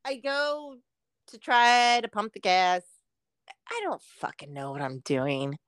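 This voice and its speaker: A middle-aged Southern California woman co-hosts a podcast, telling stories in casual conversation, cursing and laughing a lot. Her mid-range voice is very animated yet slow, a little bright and smooth, recorded in studio quality with no echo.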